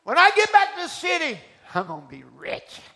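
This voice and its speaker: A man preacher voicing a greedy, boastful gold miner who shouts and gloats over his riches. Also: very high voice, huge pitch swings, moderate pace, pitched above the performer's own voice, heavily acted. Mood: gloating.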